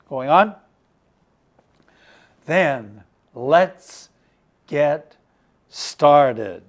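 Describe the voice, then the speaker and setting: A man teaching English slowly, reading a story aloud and explaining each phrase, sometimes giving the word in Chinese, and clearing his throat now and then. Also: fairly high pitch. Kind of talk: slow explanatory lesson for Chinese-speaking learners.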